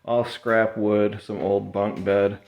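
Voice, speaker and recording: A man from the Midwest talks in a loose, rambling vlog style, full of fillers. He sounds tired and sweaty after work in an insulated garage, and his voice sits a little low. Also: slow, dull audio. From American Midwest. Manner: relaxed, rambling, chatty with fillers. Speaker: eBay reseller vlogger. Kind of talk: casual vlog talk.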